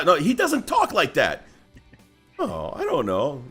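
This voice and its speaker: A man hosting a casual livestream, bantering loudly and laughing as he teases his guests. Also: a little high, huge pitch swings, measured pace, husky, faint music behind. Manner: loud, laughing, teasing. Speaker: host.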